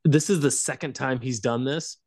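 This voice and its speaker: A man's voice: mid-range voice, moderate pace, a little mellow, no room sound, studio quality. A young man co-hosting a podcast, telling a story in a rambling way with frequent laughs. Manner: rambling, laughing storyteller who acts out quotes. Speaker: podcast co-host. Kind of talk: casual storytelling chat.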